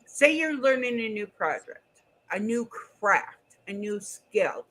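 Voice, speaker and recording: A woman's voice: mid-range voice, big pitch swings, slow pace, a bit bright, low-quality recording. A middle-aged woman hosting a casual livestream chat, blunt and goofy, swearing freely. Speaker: streamer and co-host.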